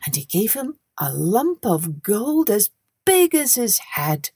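A woman storyteller narrating a children's tale in an expressive, gentle way. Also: mid-range voice, slow pace, breathy edge, no room sound. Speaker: storyteller, podcast host.

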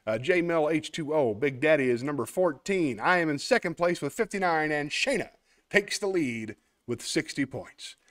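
A man's voice: on the high side, lively intonation, normal speed, a bit bright. A man hosting a casual online show, chatting as he plays a word game, thinking aloud and poking fun at himself, then thanking his viewers sincerely. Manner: chatty, self-mocking, thinks aloud while playing. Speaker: host. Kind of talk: casual livestream chat while playing a word game; warm heartfelt sign-off to viewers.

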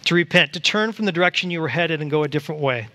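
A man preaching a church sermon, animated and acting out quoted voices to the congregation. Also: fairly high pitch, very fast. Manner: animated, acts out voices of God and Satan. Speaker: pastor. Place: church sanctuary.

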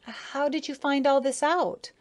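A woman's voice: high voice, measured pace, pitched above the performer's own voice. A woman voicing wide-eyed young bee girl. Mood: alarmed curious. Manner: wide-eyed, breathless questions. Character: young curious female bee, earnest and easily shocked. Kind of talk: audiobook character reading.

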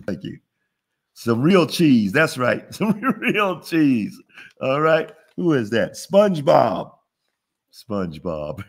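A man with a fairly high voice hosts a money webinar on a video call. He talks in a folksy, preachy way and keeps asking his viewers questions. His pitch swings up and down a lot. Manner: preachy, call-and-response, laughs at own jokes. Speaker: webinar host, business funding teacher. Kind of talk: casual motivational webinar teaching.

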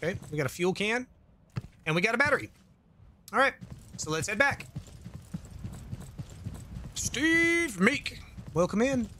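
Lively high-voiced swearing gamer man. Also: brisk, long pauses, slight background noise. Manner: rambling, swearing, jokey asides, reads chat aloud. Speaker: gaming YouTuber. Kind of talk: casual let's-play commentary. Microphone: desk microphone.

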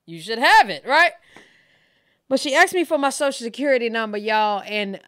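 A woman's voice: a little high, expressive, unhurried, a bit bright, no echo, studio quality. A woman in her thirties, hosting her channel and telling her viewers a candid, emotional personal story in casual, profane speech. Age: 30s. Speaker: reaction channel host.

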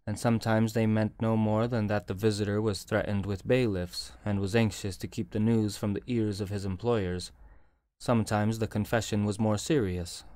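Low-voiced male audiobook narrator. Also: no echo, studio quality. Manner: even, measured storytelling. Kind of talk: scripted narration.

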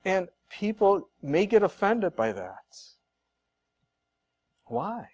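A man's voice: high voice, big pitch swings, takes it slowly, a little mellow. Earnest, emphatic male preacher. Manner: earnest, conversational preaching with asides; emphatic, repeats points for stress. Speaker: pastor. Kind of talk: sermon.

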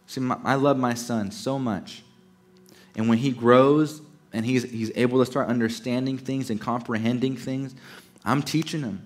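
A man preaching a sermon with an ordinary mid-pitched voice. He presses hard on points, then drops to a near hush, and draws out single words slowly to make them land. Soft music sits faintly under him. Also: steady tone. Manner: emphatic preaching that swings from loud to hushed; stretches key words slowly for emphasis. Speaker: pastor.

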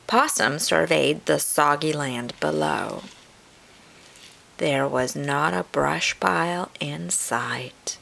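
A woman reading a picture book aloud to children in an expressive storytelling manner. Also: sits low, takes it slowly, gravelly. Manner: warm, expressive read-aloud delivery.

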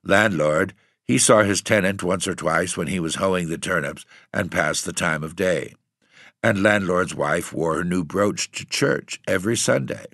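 A man reading a ghost story aloud in a steady, measured way. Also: sits low, dry recording, clean studio sound. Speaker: audiobook reader.

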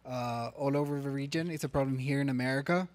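A man's voice: medium pitch, steady tone. A man who grew up in the Middle East, speaking hesitantly in casual chat as a podcast co-host. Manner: hesitant, halting, many restarts.

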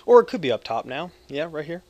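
This gaming creator, an American in his twenties, talks fast in a slightly high, somewhat mellow voice with big pitch swings, recorded dry. His commentary over the gameplay is hyper and jokey, packed with profanity and rambling as he cuts himself off mid-thought.

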